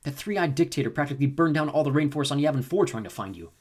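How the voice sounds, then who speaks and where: A man's voice: a little high, lively intonation, quick pace, slightly rough, voice pushed up. A man voicing an earnest young male hero pilot in an audiobook, with a raised voice.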